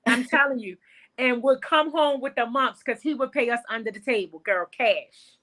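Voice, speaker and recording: A woman who owns a salon, telling her story in a casual interview in an animated way. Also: a little high, normal speed. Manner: animated storyteller, calls the host girl. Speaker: salon owner and guest.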